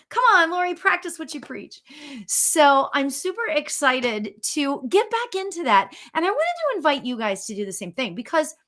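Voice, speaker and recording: Woman host, medium on a live stream, chatty and encouraging, with a fairly high, lively voice. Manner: chatty and encouraging, reads viewer comments aloud; animated, leaps in pitch, laughs often. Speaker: spiritual medium hosting a live show. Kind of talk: casual live-stream talk.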